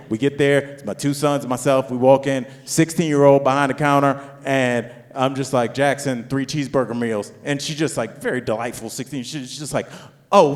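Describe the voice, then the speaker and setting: A man in his forties doing a stand-up set, telling a rambling family story with restarts and climbing into loud, high rants. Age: 40s. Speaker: stand-up comedian. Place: comedy club stage. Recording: long hall reverb.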